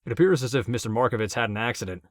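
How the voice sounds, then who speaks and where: A man voicing a curt, formal male police officer asking brisk questions. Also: medium pitch, no echo, studio quality, natural voice.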